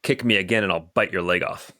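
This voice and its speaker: A man voicing a brutish male monster who threatens in a low, gruff voice. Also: fast talker, pushed and bright, no room sound, clean studio sound. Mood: menacing.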